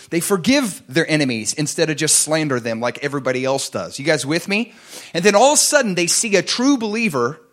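A man preaching a sermon to a congregation, fervent and animated, dropping at times to soft, intimate tones. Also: medium pitch. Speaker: pastor.

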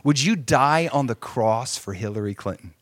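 A man preaching a sermon, moving between hushed asides and emphatic points and often checking in with the congregation. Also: medium pitch, expressive, moderate pace, dry recording. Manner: asks the crowd for agreement often. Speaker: pastor.

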